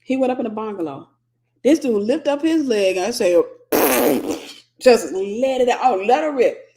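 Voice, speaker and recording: An American woman hosting a candid Christian teaching talk, telling a humorous personal story in an animated, confessional way. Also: fairly high pitch, moderate pace. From United States.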